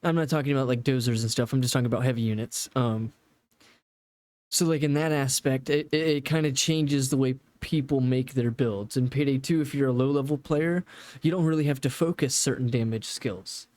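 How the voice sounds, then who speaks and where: A man's voice: mid-range voice, fairly quick, darkish tone, dry recording. A man casually reacting to a game developer video, rambling and swearing now and then as he explains game mechanics. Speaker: gaming reaction host.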